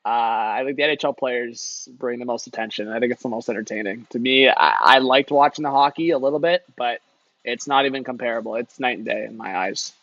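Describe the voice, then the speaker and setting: A man's voice: mid-range voice, brisk, fairly bright tone, no echo, muffled recording. A young man doing casual live-stream hockey commentary, chatting loosely and answering his viewers. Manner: chatty, reads and answers chat, lots of "like" and "man".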